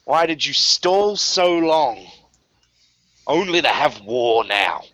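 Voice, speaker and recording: A man voicing a grieving, furious woman clan leader in a tabletop game, shrieking high when enraged. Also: big pitch swings, slow pace, a bit bright, no room sound, heavily acted. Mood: indignant. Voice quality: shrill screaming when enraged.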